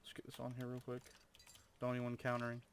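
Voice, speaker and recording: A man's voice: mid-range voice, monotone, fast talker, a little hiss or hum. A young man commentating his own gameplay, full of over-the-top amazement and swearing. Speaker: gamer.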